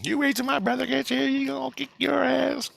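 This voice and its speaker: A man putting on a shrill voice for a foul-mouthed young boy screaming profane taunts. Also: flat delivery, a little fast, creaky, a bit bright, heavily acted. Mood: taunting.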